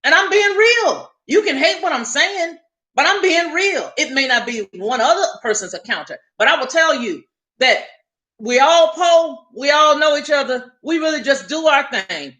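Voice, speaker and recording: A woman's voice: high-pitched, lively intonation, normal speed, bright, forceful tone, roomy sound. A woman hosting a casual livestream, talking emphatically and repeating points for effect. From Southern United States. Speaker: livestream host.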